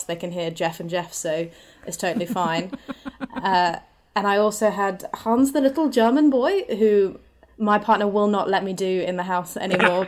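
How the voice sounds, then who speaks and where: A woman guesting on a comedy panel podcast, chatting in a rambling way with lots of fillers. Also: mid-range voice. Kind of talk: casual comedic panel chat.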